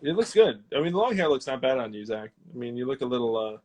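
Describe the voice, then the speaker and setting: A man hosting a casual live question-and-answer stream from his home, rambling and relaxed, with lots of fillers and restarts. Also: mid-range voice, fast talker, slight background noise. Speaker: host of an Instagram live Q&A.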